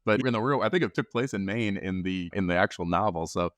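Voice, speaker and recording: A man's voice: low voice, quick pace, a bit bright, dry recording. A man co-hosting a podcast, talking in a loose, rambling way and chuckling often. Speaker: podcast co-host. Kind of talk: casual conversation.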